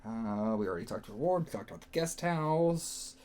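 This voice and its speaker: A man's voice: medium pitch, animated, fairly quick, a little mellow. A man, hosting a casual solo reaction video, rambling and second-guessing himself with lots of fillers. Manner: rambling, self-questioning, frequent fillers and swearing.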